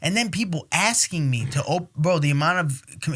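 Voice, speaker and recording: A young man with a bright, fairly high voice hosts a casual podcast chat. He tells stories loosely, swears freely, and slips into quoted voices of other people. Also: sing-song, moderate pace, few pauses. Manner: swearing, storytelling with acted quotes. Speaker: podcast host.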